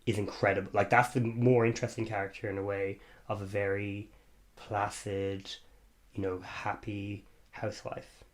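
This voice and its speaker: A man co-hosting a podcast in casual chat, gossipy and quick to laugh. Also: on the low side, level tone. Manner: chatty, gossipy, laughs often. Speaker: podcast co-host.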